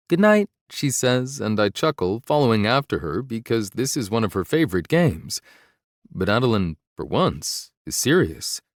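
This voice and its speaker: Man, audiobook narrator, first-person romance, intense, fairly low voice, dry close sound. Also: no room sound.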